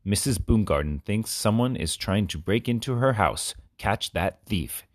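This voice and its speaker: A man playing a stern storybook police chief who gives firm orders in a deep voice. The recording is close and dry. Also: animated, measured pace, dry recording.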